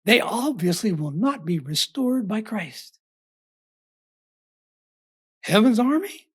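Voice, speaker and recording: A woman delivering a scripted Bible study sermon in a measured, emphatic, formal way. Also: mid-range voice, breathy edge. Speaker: preacher.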